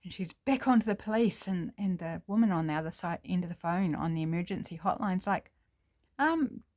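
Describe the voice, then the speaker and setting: A woman's voice: lowish voice, fairly quick, darkish tone. A woman with a New Zealand accent casually improvising a story, chatty with fillers and self-corrections.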